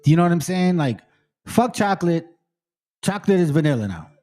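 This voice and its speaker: Man, late forties, channel host, animated, profane, slightly high voice. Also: fairly quick. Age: 40s. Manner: animated, swears a lot, mocks and quotes others. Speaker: channel host reacting to videos. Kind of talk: profane casual commentary.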